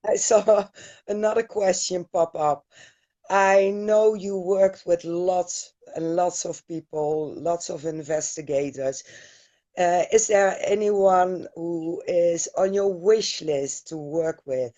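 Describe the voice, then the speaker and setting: A woman interview host calmly asking her guest a question. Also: fairly low pitch, slow pace. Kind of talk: casual interview. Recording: dull lo-fi sound.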